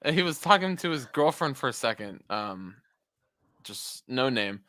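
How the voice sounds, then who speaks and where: This podcast co-host talks in a loose, animated way, swearing freely while telling stories over a video call. The voice swings widely in pitch and has a bright, forceful edge. The sound is dry and close. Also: unhurried, dry recording. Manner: animated storytelling, swears a lot. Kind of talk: casual chat.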